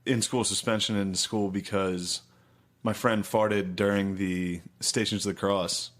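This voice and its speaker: A man's voice: on the low side, level tone, unhurried, fairly bright tone, a little hiss or hum. A man co-hosting a podcast, telling childhood stories in casual chat, laughing as he talks and swearing freely. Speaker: podcast co-host.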